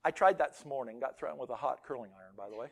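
A man preaching a sermon, swinging from loud outbursts to hushed near-whispers, with self-deprecating humor. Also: mid-range voice, very fast, gravelly. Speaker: pastor.

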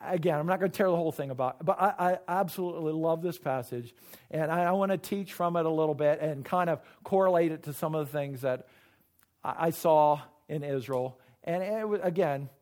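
A man preaching a sermon, swinging from loud emphasis to quiet asides and often repeating his opening words. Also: a little high, brisk. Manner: repeats words when starting sentences. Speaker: pastor.

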